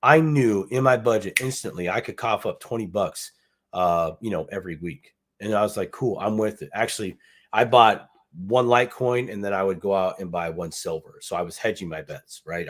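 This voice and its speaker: Rambling casual man, lowish voice. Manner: rambling, self-interrupting, repeats words; casual slang, says dude and bucks. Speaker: podcast co-host. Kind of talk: casual chat.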